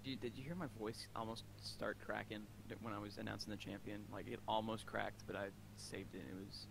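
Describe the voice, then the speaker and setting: Gravelly-voiced young man teasing a friend. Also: lowish voice, little pitch movement, brisk, noisy background. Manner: teasing, bossy banter. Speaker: friend in voice chat. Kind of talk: casual voice chat banter.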